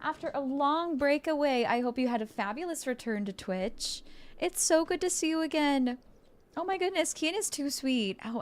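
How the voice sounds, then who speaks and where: A woman game streamer chatting casually with her viewers while playing, bubbly and excitable, playful and joking. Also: fairly high pitch. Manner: bubbly and excitable, with gasps and giggles; playful, jokes and role-plays as a mermaid.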